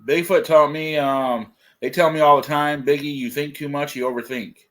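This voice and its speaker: A man's voice: on the high side, fairly even intonation, normal speed, fairly bright tone. Casual male co-host, rambling, filler-heavy talk. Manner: rambling, filler-heavy, says "like" and "dude" often. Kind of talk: casual livestream chat.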